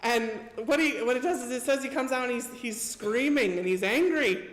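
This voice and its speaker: A woman's voice: fairly high pitch, normal speed. A woman preacher giving a casual sermon, retelling scripture in a chatty storytelling way. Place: church. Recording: echoey church hall reverb.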